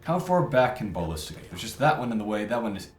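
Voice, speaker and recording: Fast and very animated, a man with a fairly low voice commentates a video game let's-play style, thinking aloud and muttering about his tactics. Game music sits behind his roomy-sounding mic.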